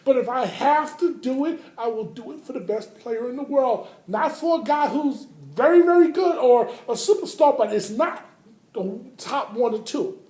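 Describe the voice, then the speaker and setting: High-voiced woman hosting emphatic sports talk. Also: expressive, moderate pace, mellow. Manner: emphatic, repeats points, addresses listeners as folks. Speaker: sports talk show host. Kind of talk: opinionated sports commentary monologue. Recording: roomy echo.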